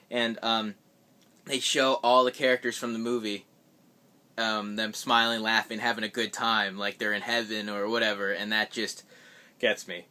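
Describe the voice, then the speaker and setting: Rambling man with a bright voice. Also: mid-range voice. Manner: rambling, many fillers and restarts, acts out quotes. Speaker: vlogger. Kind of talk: casual movie-list vlog.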